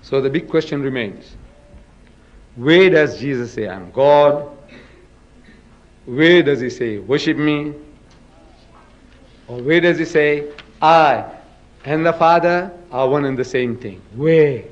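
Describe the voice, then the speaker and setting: A man's voice: fairly high pitch, slow, long pauses. A man giving a public lecture, arguing emphatically and firing rhetorical questions at his audience. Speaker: public lecturer in religious debate. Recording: dull lo-fi lecture recording.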